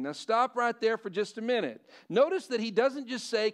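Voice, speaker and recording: A man's voice: very high voice, expressive, normal speed, few pauses. A middle-aged male pastor preaching a sermon in a conversational way, often asking the congregation questions.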